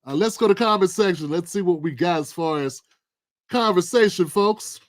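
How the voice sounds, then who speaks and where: A man hosting his own political commentary livestream, talking in an animated, preachy, colloquial way. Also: high voice, moderate pace, no echo, studio quality. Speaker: livestream host.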